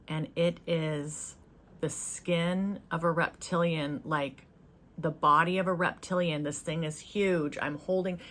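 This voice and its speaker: A woman's voice: deep voice, a bit bright, slight background noise. A woman hosting her own spiritual channel, telling a personal story in an earnest, hesitant way with many fillers and restarts, speaking from her couch in a yurt.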